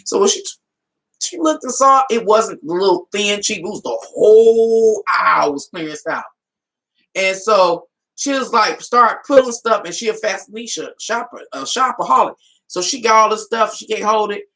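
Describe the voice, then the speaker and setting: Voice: medium pitch, animated, normal speed, a bit bright, rough recording. A tarot reader on a live stream telling a folksy, casual story, laughing often and talking to viewers as y'all. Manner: folksy, colloquial storytelling with quoted dialogue.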